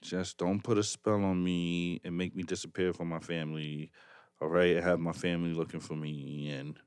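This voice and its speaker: A man co-hosting a podcast in casual chat, joking and playfully suspicious, often dropping to a low mumble, on a close mic. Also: level tone, normal speed, darkish tone, clean tone, dry recording. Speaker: podcast co-host.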